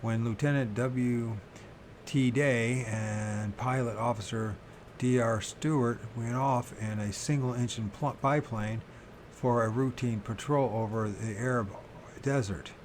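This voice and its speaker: A man reading a book about strange disappearances aloud, slowly and haltingly, often restarting words and correcting himself. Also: mid-range voice, steady tone, slight background noise. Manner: pauses to question his own pronunciation. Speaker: reader of a paranormal book.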